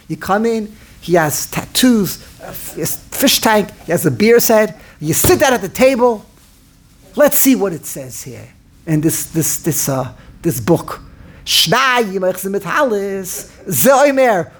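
A man teaching a Torah class in an animated way, often repeating himself and restarting his sentences. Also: high-pitched, unhurried. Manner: animated, repetitive, stumbles and restarts mid-sentence.

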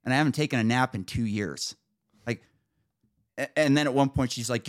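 A man hosting a podcast, casually telling an exasperated, animated story with some swearing. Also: medium pitch, fast talker. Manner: animated, exasperated retelling with profanity. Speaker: podcast host.

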